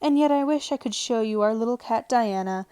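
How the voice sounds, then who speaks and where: A woman voicing a polite, anxious young girl, lifting her voice higher and louder. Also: fairly quick, clear, resonant tone, dry recording, natural voice. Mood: eager pleading. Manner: raised, excited girlish delivery.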